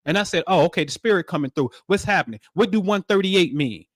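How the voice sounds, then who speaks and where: High-voiced man preaching in slang. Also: fast, dry recording, clean studio sound. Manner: animated, preachy, streetwise slang with profanity. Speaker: livestream host. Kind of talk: spiritual livestream talk.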